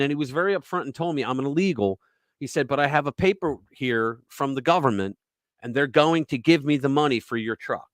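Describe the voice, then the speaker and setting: Hosting a political talk show, a man speaks emphatically at a middle pitch. He tells stories conversationally, adding frequent asides. The dry recording places his voice close to the mic.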